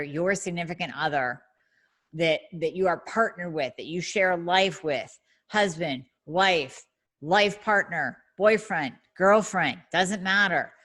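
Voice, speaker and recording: A middle-aged woman with a somewhat low voice hosts a solo podcast. She talks in a blunt, casual, emphatic way and acts out everyday scenes as she goes. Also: fairly bright tone. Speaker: podcast host.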